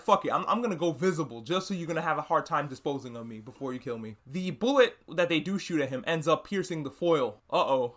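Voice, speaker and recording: A man hosting a podcast, recapping a TV episode in casual, animated chat and swearing freely. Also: on the high side. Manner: animated, swearing, acts out characters' lines. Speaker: podcast host.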